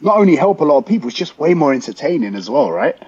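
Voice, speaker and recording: Husky London man, higher-pitched. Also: quick pace, muffled recording. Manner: animated storyteller, chatty with many "like" and "right?" fillers. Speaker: podcast host. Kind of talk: casual chat.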